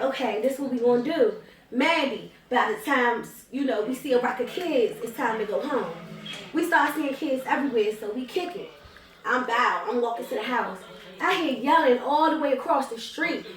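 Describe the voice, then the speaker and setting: A young woman with a Washington DC area accent, telling a storytime vlog in an animated, profane, slangy way and acting out the quotes. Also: on the high side. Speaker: vlogger telling a story with her twin. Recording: echoey room, distant mic, crowd noise behind.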